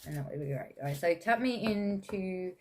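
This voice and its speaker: A woman's voice: fairly low pitch, animated, normal speed, darkish tone. A woman with an English accent giving a casual, chatty tarot reading, with many fillers and frequent laughs. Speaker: tarot reader.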